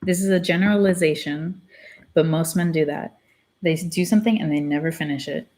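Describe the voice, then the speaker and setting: A woman's voice: low voice, a little fast, darkish tone. A woman hosting her own channel, reading a book aloud and breaking off into blunt, opinionated commentary. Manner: opinionated, blunt asides between read passages. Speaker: channel host.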